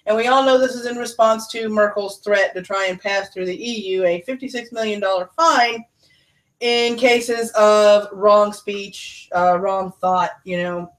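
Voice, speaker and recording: A woman hosting a casual news livestream, reading articles aloud with sarcastic asides and answering chat. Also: mid-range voice. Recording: voice a bit far from the mic.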